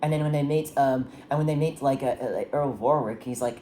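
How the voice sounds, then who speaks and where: Very low, mellow-voiced woman retelling a story. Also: fairly quick, hardly any pauses, slight background noise. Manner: rambling, many restarts and fillers, acts out quotes. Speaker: storyteller recapping a historical drama. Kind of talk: casual chat.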